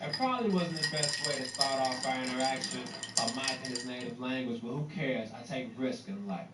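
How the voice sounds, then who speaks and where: A man's voice: mid-range voice, a little fast, very noisy. A man doing a stand-up comedy routine, telling a story in a brash, sarcastic way. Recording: echoey room, distant mic, music.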